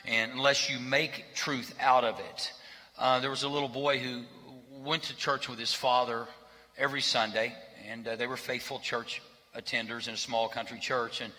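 A man's voice: mid-range voice, sharp tone. A male pastor giving a sermon in a conversational, joking manner in a church sanctuary. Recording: reverberant hall.

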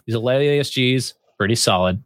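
A man co-hosting a casual chat show, reacting loudly and swearing often. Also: mid-range voice, a little fast, no echo, clean studio sound. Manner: profane, exclaiming, laughing often. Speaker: co-host.

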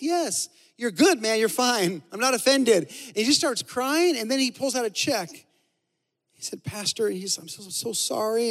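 A man preaching a sermon as a pastor, telling a story animatedly, dropping to a hush and then rising loud. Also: extremely high pitch. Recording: long hall reverb.

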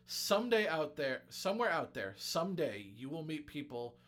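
A man's voice: on the high side, big pitch swings, normal speed, a bit bright. A man co-hosting a podcast, explaining a story in casual chat with the odd swear. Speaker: podcast co-host. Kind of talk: casual anime recap chat.

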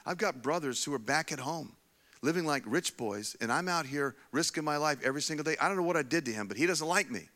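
A man preaching a sermon, telling a Bible story in a casual, animated way with frequent restarts. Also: a little high, quick pace. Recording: long hall reverb.

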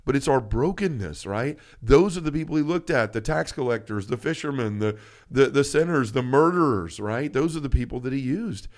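A man's voice: mid-range voice, animated, normal speed. Earnest man talking faith, full of restarts. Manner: earnest and emotional, many restarts. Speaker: podcast co-host. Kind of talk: faith podcast talk.

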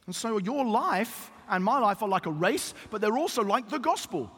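A man preaching a sermon to a congregation, telling stories with animated asides. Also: high-pitched, moderate pace, slightly rough. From Britain. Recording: long reverb in a hall.

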